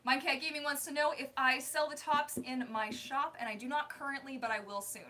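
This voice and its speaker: A young woman hosting a casual live Q&A from her apartment, animated and laughing often, with lots of fillers. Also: high voice, a little fast. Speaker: live stream host, mermaid performer. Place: home apartment. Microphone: phone.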